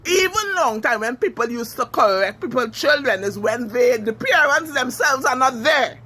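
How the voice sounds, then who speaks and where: A Trinidadian woman giving a heated, cursing social media rant, furious and shouting at times. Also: high-pitched, lively intonation, normal speed. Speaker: TikTok commenter.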